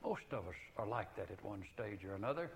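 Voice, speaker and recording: An older man preaching a sermon in an earnest way, rising to loud emphatic peaks and then dropping to hushed, low passages. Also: lively intonation, brisk, a little hiss or hum, low-quality recording.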